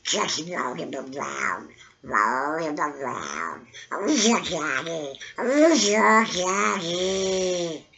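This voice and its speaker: Donald Duck, squawky and giddy. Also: male voice, a little high, very animated, extremely slow, gravelly, long pauses, pushed and bright, husky, voice pushed up, full character voice. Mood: ecstatic. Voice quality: quacking, squawky. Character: lewd cartoon duck, male, squawking, giddy.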